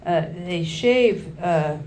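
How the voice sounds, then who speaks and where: A woman's voice: lowish voice, lively intonation, extremely slow, darkish tone, echoey room, slight background noise. A woman in her forties doing a crude stand-up comedy set, telling loose stories and working the crowd from a club stage.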